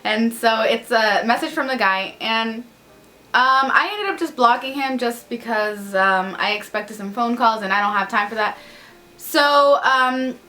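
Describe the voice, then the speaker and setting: Bright chatty young woman. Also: on the high side. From United States. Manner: chatty, lots of fillers and quoted dialogue. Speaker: vlogger. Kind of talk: casual storytelling.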